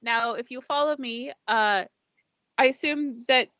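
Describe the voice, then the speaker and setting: A woman's voice: fairly high pitch, measured pace, fairly bright tone, no echo, dull audio, voice pushed up. A woman voicing a laid-back young male ship attendant who talks in a casual, slangy and slightly flustered way. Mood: polite.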